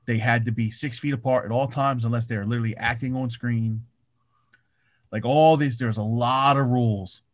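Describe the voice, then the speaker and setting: A man chatting casually and telling a story, swearing constantly and acting out what others said. His voice is mid-pitched and sits close and dry. He speaks in loose, run-on sentences. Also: moderate pace, dry recording. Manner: profane, animated storytelling, acts out quotes loudly. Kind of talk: casual chat.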